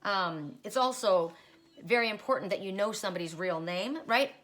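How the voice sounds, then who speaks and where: A woman doing a card reading who tells a story in a loose, chatty way. She keeps restarting her sentences and breaking off into asides. Her voice sits at a plain middle pitch. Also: lively intonation, normal speed, a bit bright. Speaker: tarot reader. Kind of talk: casual spoken card reading.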